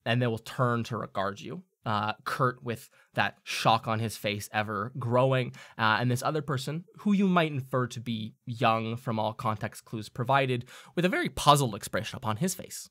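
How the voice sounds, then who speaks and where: A man's voice: medium pitch, normal speed, few pauses, pushed and bright. A man narrating as game master, describing scenes with frequent hesitations.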